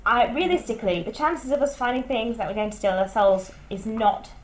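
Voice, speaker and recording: A woman's voice: fairly high pitch, brisk, reverberant, low-quality recording. A British woman playing a tabletop game, cautiously laying out plans step by step. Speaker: player. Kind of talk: tabletop role-play chat.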